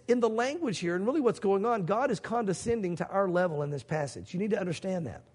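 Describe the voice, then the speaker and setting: Husky-voiced man preaching a sermon. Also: high voice, darkish tone. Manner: emphatic, acts out God's voice in quotes. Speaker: pastor.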